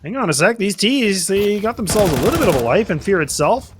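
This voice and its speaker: A man giving quick, analytical color commentary on a competitive shooter match, chatty with frequent restarts. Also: high-pitched, big pitch swings, background noise. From Canada.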